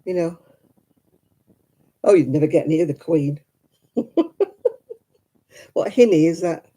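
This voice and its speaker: Stream host, male, slightly high and very mellow, easy chatty delivery with frequent laughs. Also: takes it slowly. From Manchester, England. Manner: chatty, laughs often, reads out viewer comments. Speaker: host of a crafting livestream. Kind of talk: casual chat answering viewers.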